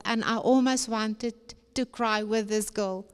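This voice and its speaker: A woman's voice: fairly high pitch, fairly even intonation, measured pace, clear, resonant tone. A woman giving an emphatic, preacher-like talk to young people at a conference. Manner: emphatic, repetitive preacher-like phrasing. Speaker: conference speaker. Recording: long hall reverb.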